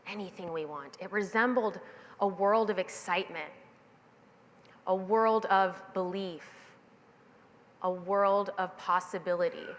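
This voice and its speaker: Woman keynote speaker, animated storyteller, mid pitch, live hall with long reverb. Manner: animated, acting out the voices in her anecdote. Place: stage in a large event hall.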